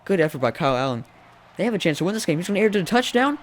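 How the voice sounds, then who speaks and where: Excitable young man calling a video game. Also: rapid-fire, slight background noise. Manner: excitable, voice jumps high when surprised; chatty, talks to the teams on screen. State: voice cracking. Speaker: gaming commentator. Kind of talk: play-by-play game commentary.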